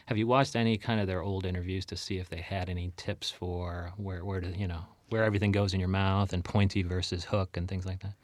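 A man's voice: low-pitched, level tone, a little fast, few pauses, no room sound. A man hosting a podcast, rambling and swearing casually as he chats with his guest. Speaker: podcast host.

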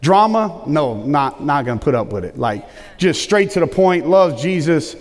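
A middle-aged man preaching a sermon as pastor, with a loud, booming, emphatic delivery. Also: very animated, moderate pace. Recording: long reverb of a large hall.

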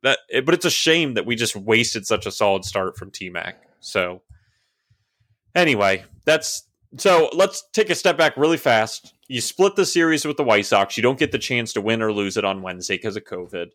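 A man's voice: fairly low pitch, expressive, normal speed, fairly bright tone, no echo, studio quality. Chatty male podcast co-host reading stats. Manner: stat-reading, chatty with fillers. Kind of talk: casual sports podcast chat.

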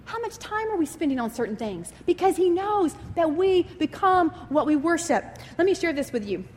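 A woman preaches in an animated storytelling way. Her voice sits high and bright in pitch. A long hall reverb trails each phrase. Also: normal speed, a little hiss or hum. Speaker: speaker giving a devotional talk. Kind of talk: sermon with personal storytelling.

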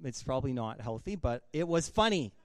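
A man's voice: medium pitch, big pitch swings, a little fast, dry recording, studio quality. A man preaching a sermon as a pastor, talking casually and conversationally with fillers and laughs.

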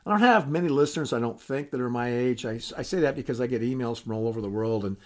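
A man's voice: mid-range voice, fast talker, a little mellow. Retired man hosting a folksy podcast. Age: older. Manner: folksy, candid, self-deprecating, with frequent restarts. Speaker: podcast host. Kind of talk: casual podcast monologue.

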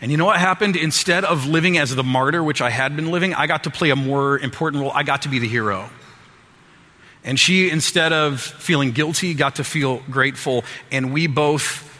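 A man's voice: on the high side, brisk, pushed and bright. A man telling a personal story to an audience in a sermon-style talk, acting out his own quotes with self-deprecating humor. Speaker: speaker addressing an audience. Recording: long hall reverb.

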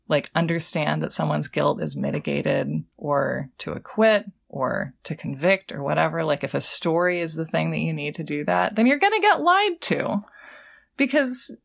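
Low, creaky-voiced woman musing. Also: lively intonation. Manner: quick, discursive, thinking aloud with many "like"s. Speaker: podcast co-host. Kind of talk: casual discussion.

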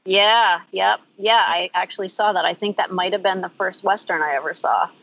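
A woman in casual chat, telling animated stories and laughing as she talks. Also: mid-range voice, normal speed, gravelly, no room sound. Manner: animated storyteller, laughs mid-sentence. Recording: slightly dull lo-fi recording.

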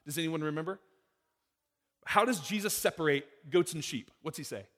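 In a large hall, a pastor with a fairly bright, higher-pitched voice preaches at a normal pace. His delivery is conversational; he asks the congregation rhetorical questions and acts out the people in the story.

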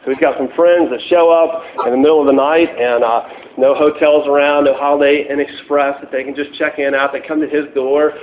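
A man's voice: fairly high pitch, fairly even intonation, brisk, hardly any pauses, slight background noise. A man preaching a casual, conversational sermon, full of fillers and restarts, joking as he goes. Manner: casual, chatty, many fillers and restarts, laughs at own jokes. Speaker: pastor. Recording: echoey room on tinny phone-like line.

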